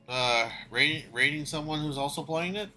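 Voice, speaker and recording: A man's voice: fairly high pitch, normal speed, sharp tone, soft background music. A man streaming a game, chatting casually to viewers, flustered and swearing freely as he talks to himself. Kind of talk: casual gaming livestream chat.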